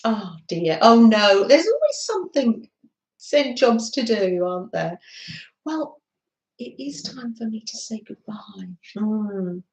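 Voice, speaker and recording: In an echoey indoor room at her craft desk, a middle-aged woman chats her way through a live stream, warmly welcoming viewers and reading their comments. Her slow voice sits on the high side with a sing-song lilt.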